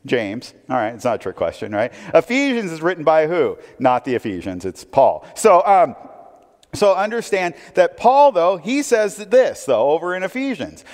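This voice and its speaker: A man preaches in a conversational, questioning way and keeps drawing his listeners in. His voice sits a little high and moves with lively swings in pitch. The sound carries a long reverb, as in a church sanctuary. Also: moderate pace. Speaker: pastor. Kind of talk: sermon.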